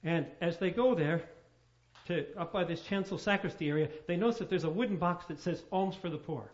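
A man's voice: sits high, a little fast. A male pastor preaching a sermon, telling stories and asking rhetorical questions, on a dull lo-fi recording.

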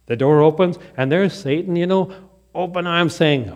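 Male pastor, lively storyteller, fairly high voice, sermon. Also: a little fast. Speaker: Lutheran pastor.

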